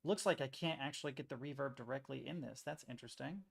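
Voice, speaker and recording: A man's voice: medium pitch, quick pace, gravelly, slightly rough. A man streaming, chatting casually in a rambling, self-interrupting way while he makes music on a computer, swearing now and then.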